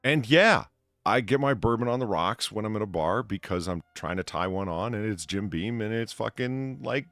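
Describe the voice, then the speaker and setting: A man's voice: fairly low pitch, animated, moderate pace, a bit bright, no room sound, faint music behind. A man hosting a casual live stream, thanking donors and rambling in a self-deprecating way. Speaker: bartender host.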